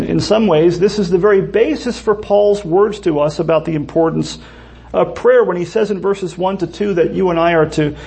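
A man's voice: high voice, creaky, mellow. A man preaching a sermon as pastor, earnest and emphatic, often restarting his phrases.

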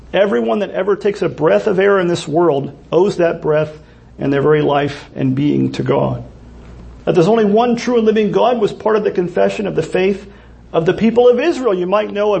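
A man's voice: high voice, vocal fry, darkish tone. A man preaching a sermon as pastor, earnest and emphatic, often restarting his phrases.

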